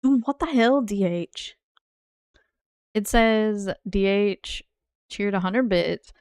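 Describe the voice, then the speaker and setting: Playful woman streamer, smooth voice. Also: medium pitch, slow pace, a little mellow, no echo, clean studio sound. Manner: playful, teasing, laughs often. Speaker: game streamer. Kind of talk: casual live-stream chat.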